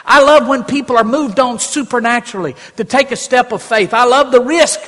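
A high-pitched man preaches a lively sermon, swinging between soft asides and loud, animated exclamations. His voice rings with the long reverb of a church hall. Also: a little fast. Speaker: pastor. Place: church sanctuary.

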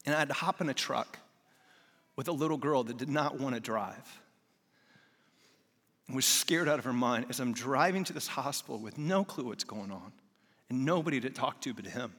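Bright-voiced preacher in an echoing hall. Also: male voice, medium pitch, expressive, normal speed, long pauses, slightly rough. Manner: candid, conversational storytelling. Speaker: guest preacher. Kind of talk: sermon. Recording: long hall reverb.

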